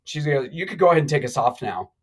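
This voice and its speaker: A middle-aged man telling a long story on a live talk show, animated and rambling, with many restarts. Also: a little high, fast talker, slight background noise, low-quality recording. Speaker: guest.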